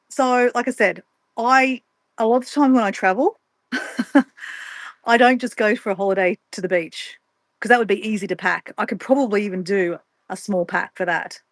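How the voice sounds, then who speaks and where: A woman's voice: medium pitch, dry recording. A woman, a travel vlogger chatting casually and playfully with livestream viewers while she packs. She laughs often and talks to herself as she goes. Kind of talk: casual livestream chat reading viewer comments.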